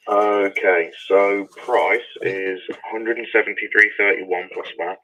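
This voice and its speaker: A man's voice: on the low side, steady tone, slow, pushed and bright, slight background noise. A man on a phone call from a parts counter, laid-back and matter-of-fact. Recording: tinny phone line on speaker.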